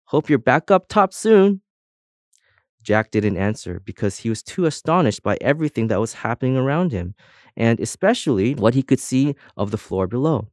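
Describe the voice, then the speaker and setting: A man narrating a children's storybook in an expressive storytelling manner. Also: mid-range voice, fairly quick, no room sound, studio quality. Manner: expressive storytelling, voices each object. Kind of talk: audiobook narration.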